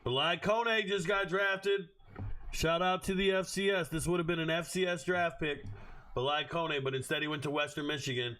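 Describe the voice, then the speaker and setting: A man's voice: fairly high pitch, steady tone, moderate pace, pushed and bright. A man hosting a casual livestream as a sports analyst, blunt and profane, laughing often.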